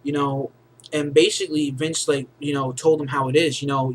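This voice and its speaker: A man's voice: a little high, flat delivery, moderate pace, a little hiss or hum, low-quality recording. A man giving a casual recap of a wrestling show, rambling and leaning heavily on fillers like "you know" and "basically".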